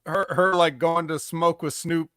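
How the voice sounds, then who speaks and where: A man's voice: a little high, fairly even intonation, a little slow, a bit bright, clear, resonant tone, no echo, clean studio sound. A man co-hosting a wrestling podcast, rambling storyteller who drifts between thoughts. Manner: rambling, many "like" fillers and restarts. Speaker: podcast co-host. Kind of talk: casual wrestling podcast chat.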